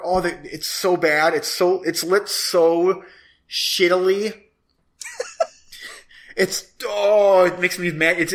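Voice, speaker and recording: Ranting man, slightly high voice. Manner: ranting, profane, animated with laughter. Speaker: podcast co-host reviewing movies. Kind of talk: casual chat.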